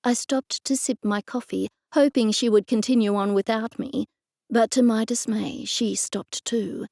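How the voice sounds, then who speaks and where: A woman narrating a cozy mystery audiobook in the first person, measured and even. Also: on the high side, gravelly, no echo, clean studio sound.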